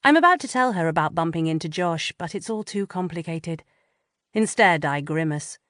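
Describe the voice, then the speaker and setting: Woman, audiobook narrator, lowish voice, dry close mic, expressive. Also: moderate pace, no echo. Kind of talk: first-person audiobook narration.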